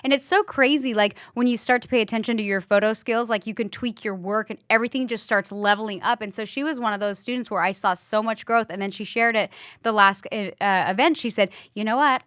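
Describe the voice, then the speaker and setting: A woman's voice: medium pitch, fairly quick, fairly bright tone, no room sound, studio quality. A woman hosting a casual podcast, telling candid stories with blunt swearing and acted-out quotes. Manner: candid storytelling, swears freely, acts out quotes. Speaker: podcast host, hair educator.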